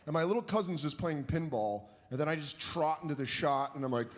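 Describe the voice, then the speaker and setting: A young man doing a profane, animated stand-up routine on stage, jumping into exaggerated quoted voices. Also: on the high side, brisk. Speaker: stand-up comedian. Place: stage before a live audience. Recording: live show with audience noise.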